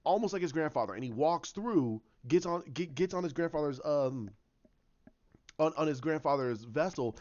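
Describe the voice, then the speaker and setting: Rambling male fan, slightly higher voice, lots of restarts, lo-fi dull sound. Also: lively intonation, moderate pace, darkish tone. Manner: rambling, with many restarts and acted-out quotes. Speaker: fan commentator. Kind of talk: casual storytelling monologue.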